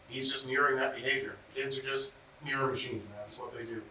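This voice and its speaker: A father talks fast and tells quick stories, with a bright, mid-pitched voice. He sounds some way off from the mic in an echoey room. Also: fairly even intonation, distant mic, slight background noise. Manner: quick and talkative, tells anecdotes. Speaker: parent. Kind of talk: casual chat.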